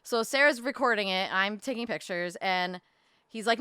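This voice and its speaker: Fast-talking bright young woman. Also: mid-range voice, clean tone, dry recording, studio quality. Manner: fast, animated, full of "like" and swearing. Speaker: podcast co-host telling a story. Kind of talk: casual storytelling chat. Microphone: close desk mic.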